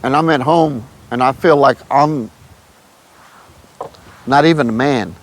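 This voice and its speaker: A man's voice: mid-range voice, measured pace. A man, telling his testimony in a casual, emotional way and often calling the listener "man". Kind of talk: casual storytelling.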